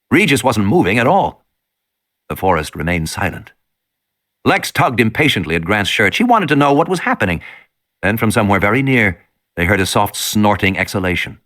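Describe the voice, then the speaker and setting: A man reading an audiobook in an expressive, dramatic narration. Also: fairly low pitch.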